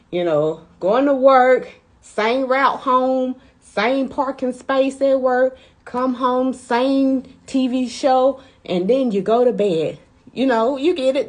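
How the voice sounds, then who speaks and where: A woman coach giving a chatty, energetic motivational live talk, hyping up her listeners. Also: on the high side. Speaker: mindset coach.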